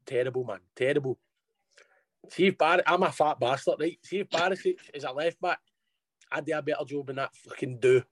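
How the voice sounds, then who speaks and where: A Scottish man with a slightly raised pitch speaks bluntly about football and swears freely. The sound is dry and close, with no room around it. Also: fairly quick, no room sound. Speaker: guest football fan. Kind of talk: casual football chat.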